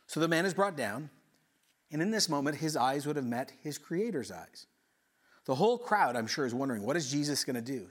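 A male pastor preaching a sermon, retelling a scene in a lively storytelling way with acted-out voices and quick asides. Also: fairly high pitch, husky.

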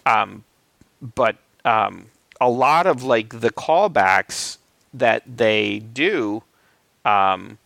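A man's voice: on the low side, very slow, creaky, fairly bright tone, no echo. A man in casual talk about films, rambling with many fillers and restarts, swearing now and then. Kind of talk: casual film discussion.

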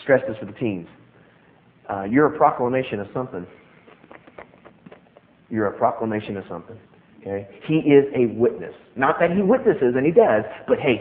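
Animated preacher man, tinny sound. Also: medium pitch. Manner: animated, emphatic, repeats key phrases. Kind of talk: sermon.

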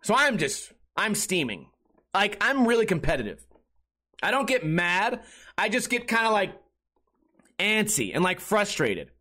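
A young man hosts a solo podcast, rambling through stories with profanity and self-deprecation. His high voice swings widely in pitch and sounds pushed and bright. He's unhurried, leaving long pauses in this casual monologue.

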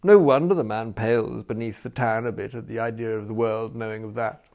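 A man voicing a booming, hearty older aunt in an audiobook reading, loud and emphatic. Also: fairly quick, creaky. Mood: gleeful.

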